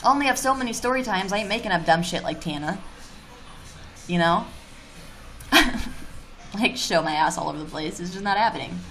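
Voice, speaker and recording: A woman's voice: mid-range voice, lively intonation, a little fast, long pauses, a bit bright. A woman livestreaming casual chat, reading viewer comments and ranting bluntly with plenty of swearing. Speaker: YouTuber streaming live.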